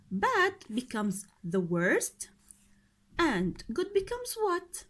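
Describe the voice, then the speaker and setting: Slow, lively-voiced woman teaching grammar. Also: on the high side. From Oman. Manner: slow, explaining step by step, questions to students. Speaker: English teacher. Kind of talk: recorded grammar lesson.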